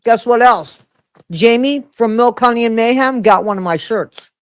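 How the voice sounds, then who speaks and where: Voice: medium pitch, moderate pace, clean tone, no echo. A livestream host chatting casually, greeting viewers by name while snacking.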